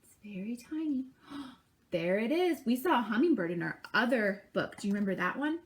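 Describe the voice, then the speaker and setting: A woman's voice: a little high, lively intonation, brisk. A woman reading a picture book aloud to children at a library, stopping to chat and imitate bird calls with them. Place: library program.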